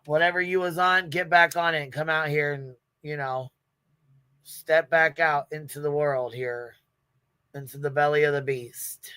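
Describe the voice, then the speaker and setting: A brash woman hosts her livestream with a bright, tight tone and an unhurried, drawn-out delivery. She swears freely and laughs often. The sound is close and dry. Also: low-pitched, fairly even intonation, clean tone, no room sound. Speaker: livestream host. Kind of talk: casual livestream commentary.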